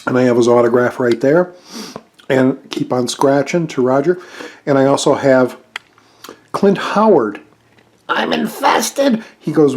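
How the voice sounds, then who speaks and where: A man's voice: medium pitch, a little mellow. A man chatting casually in a home vlog, rambling and correcting himself, sometimes talking while eating. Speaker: movie review vlogger.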